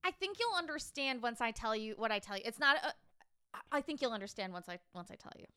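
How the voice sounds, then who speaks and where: A chatty woman co-hosting a podcast, giggling often and leaning on fillers as she talks. Her voice is smooth and clear, recorded close and dry with no room sound. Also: a little high, animated, fast, pushed and bright, dry recording. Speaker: podcast co-host presenting the case. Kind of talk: casual chat.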